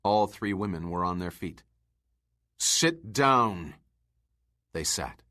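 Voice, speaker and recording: A man, a teacher, reading a novel aloud to his class in an expressive storytelling manner. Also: low-pitched, normal speed.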